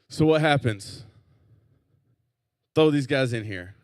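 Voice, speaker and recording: A man, a youth pastor, teaching a Bible story to teenagers in a relaxed, conversational way and getting them to repeat words back. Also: medium pitch, slow pace, long pauses, dry recording. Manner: casual, leads call-and-response with the group. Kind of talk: youth group Bible lesson.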